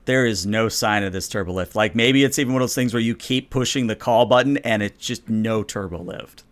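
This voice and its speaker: A man running a tabletop game as game master, describing scenes in a relaxed way with frequent fillers. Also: lowish voice, a little fast.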